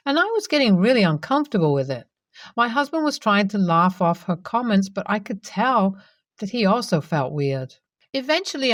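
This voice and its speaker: A woman reading a first-person story as scripted narration, in a steady, even way. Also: mid-range voice, no echo, clean studio sound.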